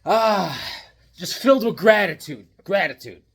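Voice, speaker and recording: A man's voice: on the high side, animated, normal speed, fairly bright tone, breathy edge. A tired man hosting a comic collecting channel from his home comic room, telling stories in a jokey, rambling way. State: tired from lack of sleep. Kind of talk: casual rambling storytelling.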